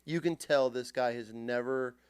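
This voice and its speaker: A man from Texas, a podcast guest telling stories in an animated way and acting out heated arguments in quoted voices. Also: mid-range voice, normal speed, clean tone, no room sound, clean studio sound. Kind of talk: animated storytelling in conversation.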